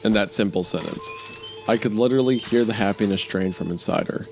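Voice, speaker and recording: Podcast host, man, steady story reader with chatty asides, soft music behind. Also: fairly low pitch, a little fast, vocal fry. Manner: reads steadily, breaks off laughing into chatty comments. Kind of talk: story reading with casual asides.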